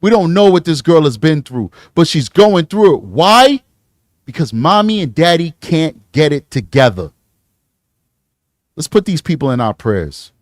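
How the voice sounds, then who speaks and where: Impassioned high-voiced male commentator. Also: very animated, unhurried, dry recording, studio quality. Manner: preachy, emphatic, repeats words. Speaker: true crime commentator host.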